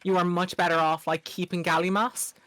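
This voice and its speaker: A man's voice: high-pitched, flat delivery, a little fast, sharp tone, no echo. A man co-casting a strategy game live, giving analytical commentary with joking banter. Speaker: co-caster.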